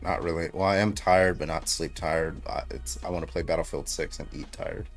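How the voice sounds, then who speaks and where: Tired deep-voiced stream host. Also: male voice, fairly quick, faint music behind. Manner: laughing, relaxed, swearing. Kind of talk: casual livestream chat.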